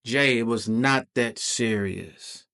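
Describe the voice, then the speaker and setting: A man's voice: medium pitch, takes it slowly, pushed and bright. A man hosting a podcast, telling a personal story in loose, slangy, profane conversational talk. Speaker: podcast host.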